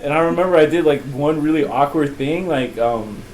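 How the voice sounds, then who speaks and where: A man's voice: fairly high pitch, a little fast, a little mellow, slight background noise, low-quality recording. Laughing, cussing young guy telling a story. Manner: profane, laughing, rambling with lots of "bro". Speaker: podcast host. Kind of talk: casual storytelling chat.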